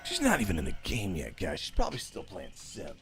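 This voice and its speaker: A man livestreaming a game, chatting casually with excitable, profane, rambling banter and yelling at teammates. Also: sits low, a little fast, over music. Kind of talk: live gameplay commentary.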